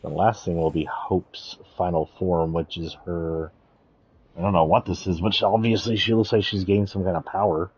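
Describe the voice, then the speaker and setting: A man's voice: low voice, fairly even intonation, normal speed, a little mellow, slightly rough. A man giving casual, rambling gameplay commentary, thinking aloud and correcting himself as he goes. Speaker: streamer.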